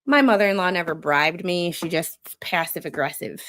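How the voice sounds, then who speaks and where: A woman hosting a casual late-night live stream at home, chatting with her viewers and reacting to stories, laid-back and quick to laugh. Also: lowish voice, fairly bright tone. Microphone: streaming microphone.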